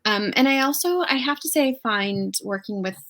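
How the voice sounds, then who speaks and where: A woman author chatting as an interview guest, an animated storyteller who laughs often. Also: a little high, moderate pace. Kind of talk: casual interview chat.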